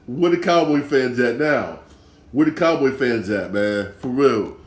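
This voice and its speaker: A man's voice: mid-range voice, a little slow, roomy sound. A man hosting a sports talk show, rambling in a casual rant full of repeated filler words and mocking rival fans.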